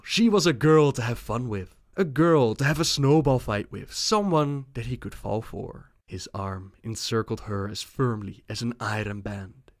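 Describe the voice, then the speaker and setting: A man narrating video game lore in a measured, calm storytelling manner. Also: mid-range voice, no room sound, clean studio sound.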